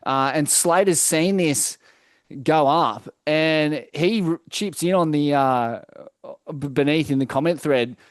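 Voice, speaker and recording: Speaking slowly in a fairly high pitch, this young Australian co-host chats casually on a podcast, rambling through stories with lots of swearing and filler words. The sound is clean studio audio without any room noise.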